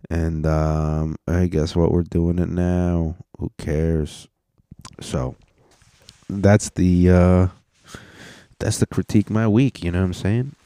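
A man's voice: low voice, fairly even intonation, takes it slowly, mellow, clear, resonant tone, no room sound, clean studio sound. A young man hosting a casual solo podcast, rambling in laid-back, profane slang. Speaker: podcast host and stand-up comedian.

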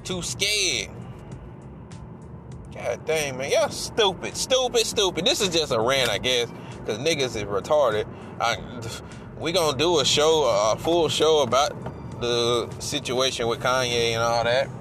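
A man hosting his podcast, delivering a heated, profane rant that keeps bursting into shouts. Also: mid-range voice, expressive, unhurried, over music. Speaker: podcast host.

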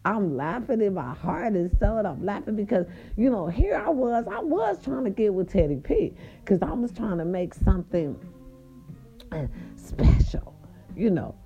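A woman telling viewers a story in a casual, animated and profane way, speaking straight to them. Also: medium pitch, normal speed, few pauses, dull audio, faint music behind.

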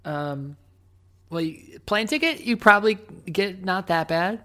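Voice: mid-range voice, lively intonation, a little slow, pushed and bright. A podcast co-host in casual chat, teasing and wry with sarcastic quips.

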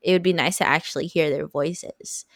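A woman co-hosting a casual podcast chat, playful and prone to loud acted-out bits. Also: low voice, steady tone, normal speed, no room sound, studio quality. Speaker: podcast co-host.

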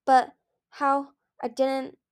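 A woman's voice: high voice, completely flat delivery, very slow, voice pushed up. A woman reading the lines of a timid young male dragonet prince who stammers and pleads. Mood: nervous.

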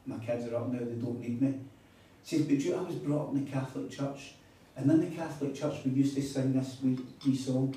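A man's voice: medium pitch, fairly even intonation, a little fast, mellow, a little hiss or hum. A man preaching a sermon, telling stories with emphatic repeats. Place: hall at a retreat. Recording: echoey hall, mic far off.

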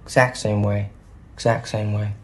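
An actor playing a strange young man who speaks in a flat, deadpan, repetitive way, heard in a film clip. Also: on the low side, moderate pace, husky.

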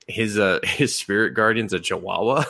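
A man's voice: fairly low pitch, normal speed, creaky, bright, forceful tone. A man hosting a podcast, casually and animatedly recapping an anime, laughing and acting out the characters' lines. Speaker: podcast host.

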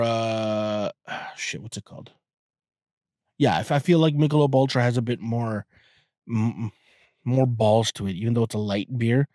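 A man's voice: mid-range voice, a little mellow, no echo. Young male podcast host, loose and profane, dry close sound, stumbles and restarts a lot. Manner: rambling, profane, many restarts and fillers. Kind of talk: casual solo podcast talk.

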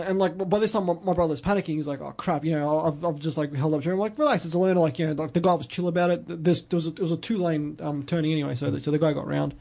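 A man's voice: high voice, a little mellow. An Australian man hosting a podcast, telling long rambling stories in casual chat with lots of restarts. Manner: rambling storyteller with many restarts. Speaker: podcast host.

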